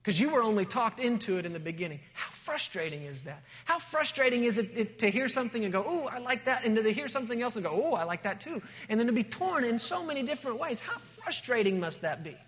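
High-voiced preacher in a big echoey hall. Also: male voice, very animated, quick pace, hardly any pauses, a bit bright. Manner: storytelling, builds to emphatic rising delivery. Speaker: pastor. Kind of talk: preaching a sermon.

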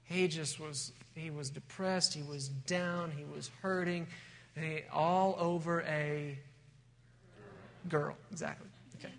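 A man with a high, light voice preaches a sermon. He moves from storytelling into emphatic, rising declarations. His voice rings with the long reverb of a large church hall. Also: fairly even intonation, takes it slowly. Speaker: pastor.

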